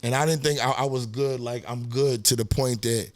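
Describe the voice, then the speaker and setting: A man's voice: mid-range voice, moderate pace, no room sound. A man from New York with a New York accent, a podcast guest telling stories in a casual, profane way and acting out what others said. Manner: animated, profane, acts out quotes in a raised voice. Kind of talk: casual storytelling interview.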